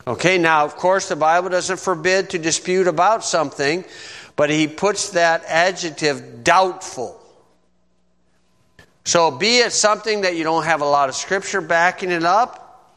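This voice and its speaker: A man preaching a plain-spoken Bible lesson, talking to his listeners as if chatting and checking in with them often. His voice sits a little high and comes through bright and forceful. It rings out with a long hall echo around it. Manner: conversational, folksy, asks "okay?" often. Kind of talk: bible teaching sermon.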